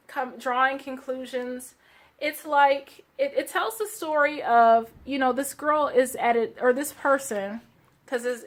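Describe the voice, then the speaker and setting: A woman doing a casual card reading for her viewers, gentle and searching, with many fillers and restarts. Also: sits high. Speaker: tarot card reader.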